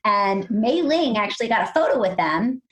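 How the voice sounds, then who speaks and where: A woman co-hosting a podcast, chatting casually and telling lively stories with acted-out quotes. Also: moderate pace, poor audio. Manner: animated storyteller, acts out quotes in a high excited voice. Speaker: podcast co-host.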